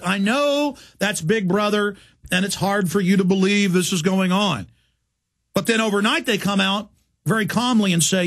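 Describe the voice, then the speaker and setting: Middle-aged male radio host, raspy high voice, intense monologue. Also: a bit bright. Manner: urgent, emphatic, with frequent restarts. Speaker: radio talk show host.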